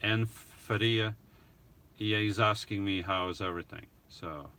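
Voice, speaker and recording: Bright-voiced man chatting on a livestream. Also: low voice, normal speed. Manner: rambling, self-correcting, chatty. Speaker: livestream host answering viewer comments. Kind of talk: casual live chat.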